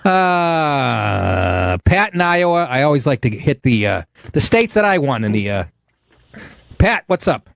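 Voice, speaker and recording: A man's voice: mid-range voice, very animated, a little slow, vocal fry, no echo, studio quality. A man hosting a call-in podcast, talking in a rambling, sarcastic way with plenty of swearing. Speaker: podcast host. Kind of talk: casual call-in talk show.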